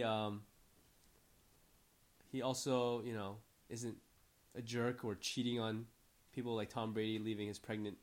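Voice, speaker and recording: Teasing American man on a podcast. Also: medium pitch. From United States. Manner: teasing, playful banter. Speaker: podcast co-host. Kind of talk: casual chat.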